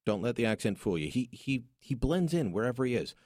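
A man's voice: medium pitch, very animated, a little fast, darkish tone, no room sound, studio quality. A man hosting a talk radio show, speaking in an opinionated, jokey, conversational way. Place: radio studio.

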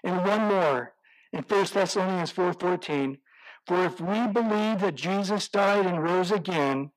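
A man delivering a sermon with a fairly high-pitched voice. He reads scripture aloud and stops to ask his listeners rhetorical questions. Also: poor audio. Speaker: pastor.

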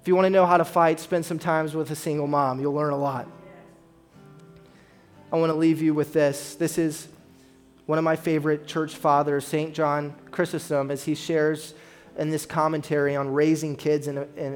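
A man's voice: fairly high pitch, level tone, normal speed, soft background music. Earnest male pastor preaching. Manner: earnest preaching, direct questions to the congregation. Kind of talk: sermon. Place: church.

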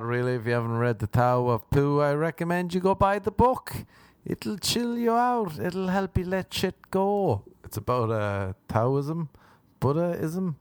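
A man's voice: darkish tone, clean tone, no room sound. An Irish man hosting a podcast alone, rambling through a comedic monologue full of swearing and self-mockery. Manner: rambling, profane, self-mocking, with sudden jumps in pitch. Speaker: podcast host. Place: Los Angeles.

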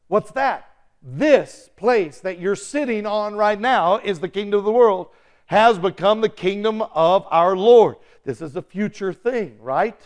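A man preaching an animated sermon, acting out quick voices and shifting between loud bursts and quiet asides. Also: sits high. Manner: excitable, acts out voices, shouts and laughs. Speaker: pastor.

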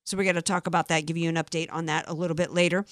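A woman's voice: fairly low pitch, little pitch movement, racing, fairly bright tone, dry recording, studio quality. Chatty opinionated woman radio host. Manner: opinionated, chatty, reads statements aloud. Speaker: radio talk show host. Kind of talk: political talk radio.

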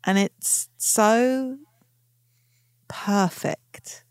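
A woman's voice: mid-range voice, drawn-out words, no echo, studio quality. A woman co-hosting a podcast in casual chat, talking with enthusiastic, gushing energy and quoting favourite lines aloud. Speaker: podcast co-host.

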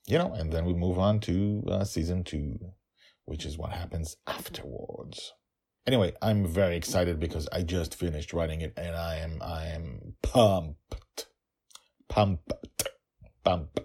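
A deep-voiced man hosts a podcast, first chatting excitedly and then narrating a fantasy story. He often repeats words for emphasis.

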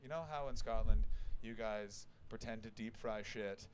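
Loud profane stand-up comic. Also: male voice, lowish voice, moderate pace. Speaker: stand-up comedian. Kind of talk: stand-up crowd work. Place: comedy club stage, live audience.

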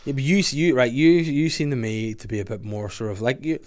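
A man's voice: medium pitch, brisk. A man hosting a podcast, chatting casually and joking around. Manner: animated, jokey, breaks into put-on voices for bits. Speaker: podcast host. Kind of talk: casual chat.

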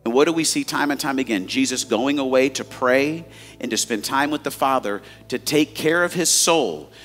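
A man's voice: mid-range voice, fairly bright tone. Candid, self-mocking male pastor preaching. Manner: candid, self-mocking storytelling, addressing the audience as guys. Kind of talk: sermon.

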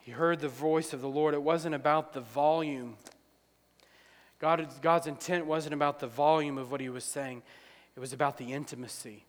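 A man preaching a sermon, acting out dialogue, swinging from loud to quiet. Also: on the high side, steady tone, normal speed. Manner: preaching, acts out dialogue, rises loud then drops quiet. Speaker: pastor. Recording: long hall reverb.

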